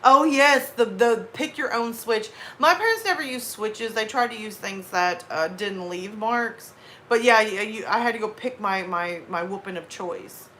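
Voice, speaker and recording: A woman's voice: mid-range voice, measured pace, a bit bright, slight background noise. A woman in her thirties with a Southern US accent, casually chatting with her live chat and rambling through asides. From American South. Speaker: livestream host reading chat.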